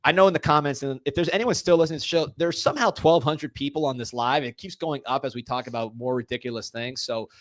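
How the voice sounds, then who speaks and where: A man's voice: mid-range voice, fast, few pauses, no echo, studio quality. A man in his thirties co-hosting a casual sports podcast, talking in a joking, rambling way and laughing often. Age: 30s or older. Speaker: podcast co-host.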